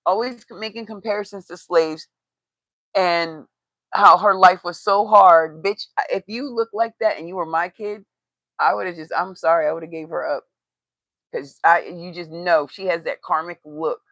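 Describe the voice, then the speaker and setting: A woman's voice: on the low side, dry recording. A woman giving blunt, profane, mocking gossip commentary on a casual livestream. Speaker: tarot reader and commentator. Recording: dry, slightly dull lo-fi sound.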